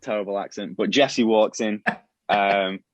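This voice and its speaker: A man's voice: lowish voice, steady tone, a little slow, no echo. A man on a podcast casually retelling a plot idea, rambling with many restarts and fillers. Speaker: podcast host pitching a show plot. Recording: dull, lo-fi and dry.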